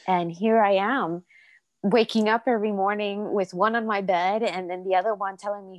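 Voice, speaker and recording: A woman's voice: medium pitch, steady tone, normal speed, no echo. A woman from Colombia, a mother of four, speaking earnestly as a podcast guest and repeating phrases for emphasis. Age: adult mother of four. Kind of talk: heartfelt interview talk.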